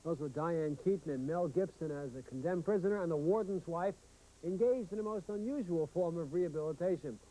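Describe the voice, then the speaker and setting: A man's voice: on the high side, a little fast, mellow, rough recording. A man co-hosting a TV film review show, enthusiastic and chatty. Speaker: film critic, co-host. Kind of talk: scripted TV review.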